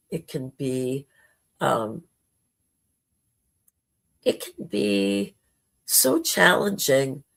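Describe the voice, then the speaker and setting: A woman hosting a live spiritual talk, telling a personal story slowly and heartfelt, with dramatic quoted asides. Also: on the low side, creaky, breathy edge. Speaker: spiritual talk show host.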